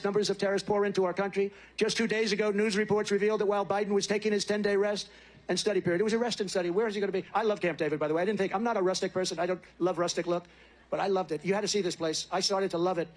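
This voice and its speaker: A man delivers a campaign rally speech at a brisk clip. He rambles, boasts and circles back over the same points again and again, his voice sitting high for a man. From United States. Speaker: political candidate.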